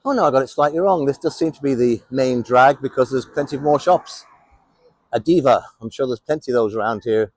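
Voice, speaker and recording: A man's voice: medium pitch, brisk, no room sound. A man with an English accent giving wry, sardonic running commentary as he walks around a town outdoors. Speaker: vlogger on a town walk. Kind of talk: casual walking commentary.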